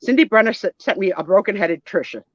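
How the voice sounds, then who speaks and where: A woman's voice: mid-range voice, expressive, fast talker, no room sound. A woman hosting a live stream tells a doll story in a chatty way, breaking off for self-mocking asides. Her voice sits in a middle register. The recording is dull, lo-fi and dry. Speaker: host.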